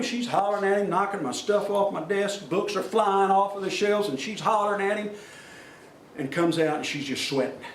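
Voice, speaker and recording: A middle-aged man, telling plain-spoken, folksy stories to a safety meeting crowd. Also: fairly high pitch. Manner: folksy, plain-spoken, acts out quoted voices. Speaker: speaker at a workplace safety meeting. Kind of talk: storytelling talk to an audience. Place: meeting room. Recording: echoey room from far off, faint noise.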